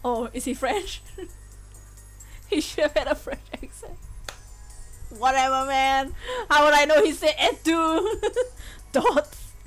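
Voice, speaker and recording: A woman's voice: high-pitched, takes it slowly, long pauses, soft background music. A woman streaming a game live, chatting and giggling through her reactions. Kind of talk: live gameplay commentary.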